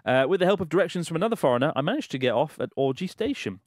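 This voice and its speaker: A man's voice: a little high, big pitch swings, rapid-fire, no room sound, clean studio sound. A man co-hosting a podcast, reading a listener's letter aloud in a casual way, laughing and swearing in disbelief as he goes. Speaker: podcast co-host.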